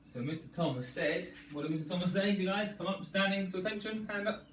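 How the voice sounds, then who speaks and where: A man leading a children's storytelling yoga class, playful and animated, coaxing the children through each pose. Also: sits high, fairly quick, a little hiss or hum. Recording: echoey room, distant mic, faint ambience.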